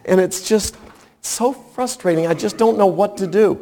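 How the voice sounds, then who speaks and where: A helpless male deity frets in a soft, whiny, self-pitying voice, as a preacher mocks the idea. His voice sits high for a man and trails off quietly. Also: moderate pace, a little hiss or hum.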